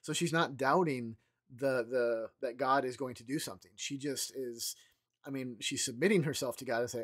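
A man gives a relaxed devotional talk at morning prayer. His voice sits at an ordinary middle pitch. He talks loosely, pausing and restarting as he works through the passage out loud. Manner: loose and conversational, with frequent pauses and restarts. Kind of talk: informal devotional teaching.

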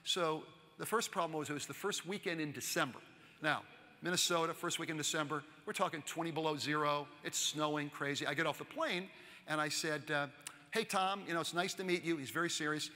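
A man's voice: fairly high pitch, fairly even intonation, brisk, bright, forceful tone. A man in his sixties giving a chatty, storytelling keynote talk and asking the audience questions. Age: 60s. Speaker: keynote speaker. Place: large conference hall. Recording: long hall reverb.

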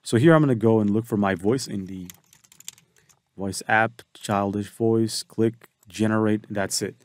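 Man, tutorial host, fairly low voice, thinking aloud step by step, dry close sound. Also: a little slow, a little mellow, dry recording. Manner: thinks aloud, walking through each step. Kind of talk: screen-recorded software tutorial.

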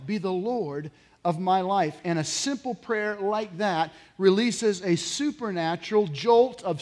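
A man preaching a sermon as pastor, acting out quotes and building from quiet stretches to loud shouted peaks. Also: high-pitched.

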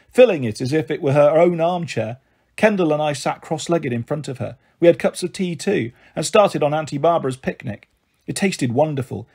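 A man reading a children's novel aloud as storyteller, in a gentle, friendly way. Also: on the high side, breathy edge.

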